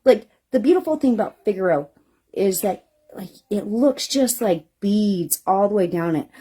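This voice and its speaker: A woman jeweler showing her handcrafted pieces in a small shop, gushing with lots of "honey" and "like", breaking into high squeals and gasps. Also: lively intonation, normal speed, warm tone, husky. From United States. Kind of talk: excited product showcase.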